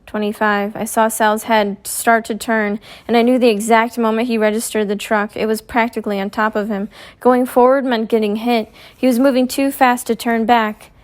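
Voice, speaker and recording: A woman's voice: a little high, flat delivery, normal speed. Woman reading a novel aloud. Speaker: audiobook reader. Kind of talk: first-person novel narration.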